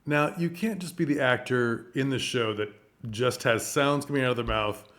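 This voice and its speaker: A man's voice: mid-range voice, moderate pace, a bit bright. A man coaching actors in a casual talk to camera, chatty, with frequent laughs and fillers. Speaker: theatre coach.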